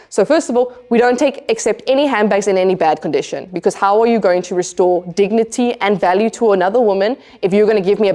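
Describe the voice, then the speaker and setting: A woman's voice: medium pitch, darkish tone. A woman from Africa, answering interview questions in an earnest, emphatic way and often repeating her main points. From South Africa. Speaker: interview guest, tech developer.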